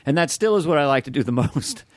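A man's voice: fairly high pitch, animated, fast talker, no echo. A comedian in his sixties chatting casually on a podcast, breaking into character impressions as he talks. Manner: slips into accented character impressions mid-story. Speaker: comedian guest.

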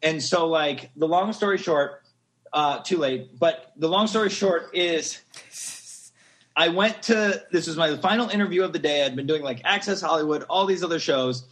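A man on a podcast as a guest, telling an animated story in a rambling, excitable way and laughing often. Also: a little high, normal speed.

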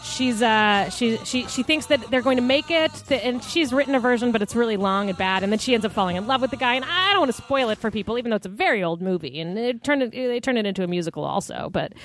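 High-voiced woman comedian guest, rambling, casual storytelling. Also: expressive, quick pace, hardly any pauses, fairly bright tone. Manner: rambling, chatty, many fillers.

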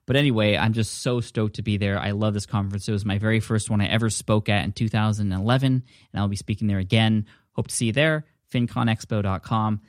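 Upbeat low-voiced male podcast host. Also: fairly even intonation, fast talker, hardly any pauses, no echo. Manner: upbeat, chatty. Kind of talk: casual podcast talk. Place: home office. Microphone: studio dynamic mic at a desk. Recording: dry close-mic studio sound.

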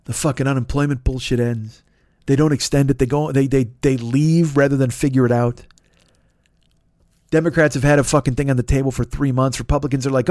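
A man's voice: fairly high pitch, a little fast, a little mellow, no echo, studio quality. A man hosting a podcast, ranting in an angry, sarcastic way and swearing constantly. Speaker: podcast host. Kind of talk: profane comedic rant.

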